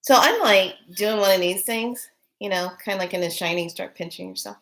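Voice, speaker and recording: A woman's voice: medium pitch, fairly quick, creaky, a bit bright. A middle-aged woman, a priestess, telling a personal story in casual chat, breathless and full of wonder-struck exclamations.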